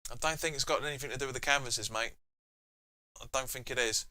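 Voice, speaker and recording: A young man hosts a live football watch-along, reading out viewer comments and talking back to them in a loose, chatty way. His voice is very bright and forward, at a middle pitch, and now and then he erupts into shouts at the match. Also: fast talker. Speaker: fan channel host.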